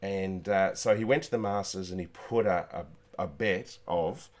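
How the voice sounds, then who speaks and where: A man's voice: deep voice, normal speed. A man with an Australian accent hosting a casual live show, chatty and laughing easily between stumbled words. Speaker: host.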